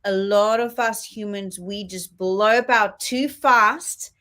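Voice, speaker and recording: A woman's voice: medium pitch, slow. A woman co-hosting a casual spiritual chat show, talking earnestly and acting out little quoted exchanges. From Australia. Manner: earnest, with lively quoted asides. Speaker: co-host.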